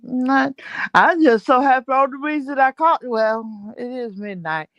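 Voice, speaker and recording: A woman chatting casually as a guest on a livestream, relaxed and easygoing with short answers. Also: high-pitched, unhurried, no echo, lo-fi sound. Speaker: guest, host's cousin.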